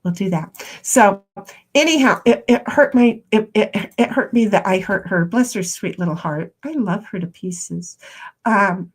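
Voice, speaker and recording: A woman's voice: mid-range voice, measured pace, husky. A woman streamer chatting casually while she plays, rambling and restarting her sentences. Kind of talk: casual livestream chat.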